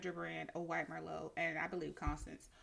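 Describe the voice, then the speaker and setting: A woman's voice: low voice, flat delivery, quick pace, gravelly, a bit bright, husky. A woman hosting a podcast, chatty and giggly in casual chat. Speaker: podcast host.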